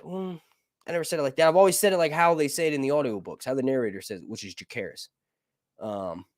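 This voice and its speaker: A man's voice: sits high, no room sound, studio quality. A man casually reviewing a TV show on a live stream, rambling and cracking crude jokes.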